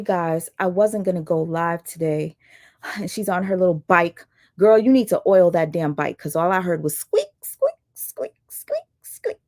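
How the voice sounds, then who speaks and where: A woman's voice: mid-range voice, no echo, clean studio sound. A woman hosting her livestream, calling someone out in a blunt, sarcastic, fired-up casual rant. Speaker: livestream host.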